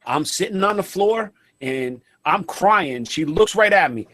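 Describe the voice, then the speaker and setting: A man co-hosting a casual radio show, telling childhood stories in an animated way and acting out the people in them. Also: a little high, a little slow, no room sound. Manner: animated, acts out quoted voices. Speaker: podcast co-host.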